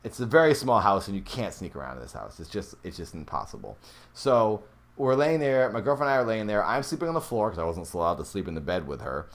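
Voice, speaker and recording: A young man casually telling a true ghost story from his youth, animated and rising in pitch when the story turns tense. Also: quick pace. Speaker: podcast host.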